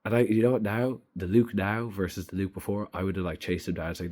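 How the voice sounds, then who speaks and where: A man's voice: deep voice, brisk, a little mellow. A young man giving a blunt, emphatic opinion monologue to camera, swearing freely. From Ireland. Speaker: vlogger.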